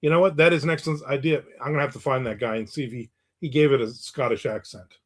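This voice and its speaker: A livestream host in his fifties answers viewer comments in a casual, sarcastic chat, laughing often. He speaks quickly at a medium pitch.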